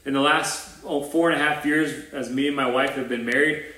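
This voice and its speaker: Man, pastor, casual earnest sermon, mid-pitched voice, roomy echo. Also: fairly even intonation, moderate pace, sharp tone. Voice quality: earnest, informal preaching with restarts and asides. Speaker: pastor of a new church plant. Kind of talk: conversational livestream sermon.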